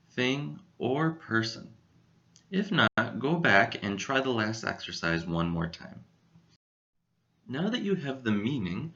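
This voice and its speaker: A low-voiced man gives a scripted English vocabulary lesson, his pitch rising and falling in a lively way. He speaks clearly and carefully, sounding out syllables. The audio is a bit dull and lo-fi. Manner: clear, deliberate, enunciates syllables. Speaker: English teacher.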